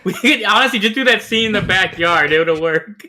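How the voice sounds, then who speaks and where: A man with a bright, fairly high voice trades dry, blunt jokes in a relaxed movie review chat. His words come out crisp and forward. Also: brisk, slight background noise. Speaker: podcast co-host.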